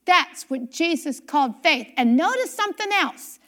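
Preaching a sermon, a woman speaks in a very high, bright, animated voice whose pitch rises and falls widely. She reads scripture slowly and unhurriedly, repeats key phrases for emphasis, and frequently questions the congregation directly.

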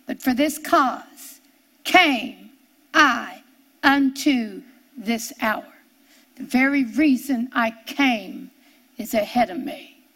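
A woman preaching a sermon, reading scripture slowly and drawing out her words. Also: fairly high pitch, a bit bright. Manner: slow, drawn-out scripture reading.

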